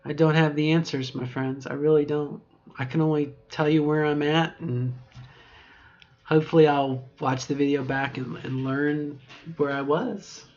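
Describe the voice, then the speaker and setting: A woman's voice: low voice, steady tone, measured pace, darkish tone, muffled recording. Middle-aged woman rambling in a video diary. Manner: rambling, reflective, many "you know" fillers. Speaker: vlogger.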